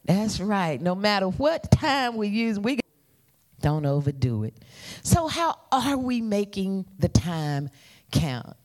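A woman's voice: medium pitch, sing-song, takes it slowly. A woman preaching a sermon, playful and calling on the congregation to answer back. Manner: playful, calls for congregation responses.

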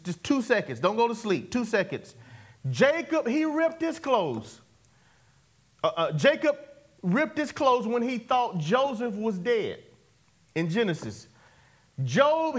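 A male preacher giving a sermon, leading call-and-response with the congregation and repeating catchphrases as he exhorts them. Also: very high voice. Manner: exhorting, repeats catchphrases, chuckles between points.

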